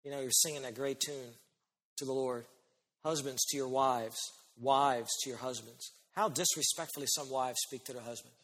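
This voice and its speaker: A man preaching a sermon as pastor, emphatic, slowing down and stretching key phrases. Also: medium pitch, fairly even intonation, fairly bright tone. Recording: long hall reverb.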